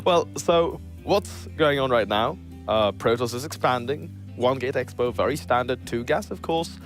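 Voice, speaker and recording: A man commentating a strategy game as a caster, joking dryly with his co-caster between steady, analytical calls. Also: medium pitch, moderate pace, soft background music. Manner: dry joking banter, then steady analysis. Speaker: esports caster.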